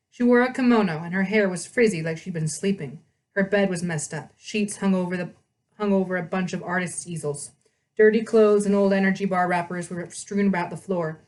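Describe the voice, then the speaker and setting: A woman hosting a read-aloud, reading a novel with chatty asides and quick self-corrections. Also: mid-range voice.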